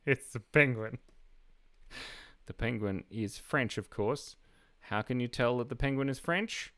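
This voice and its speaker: Playful man with a lively voice. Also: mid-range voice, takes it slowly, pauses often. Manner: playful, silly, reads viewer comments aloud. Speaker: live-stream artist host. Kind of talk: casual live-stream chat while drawing.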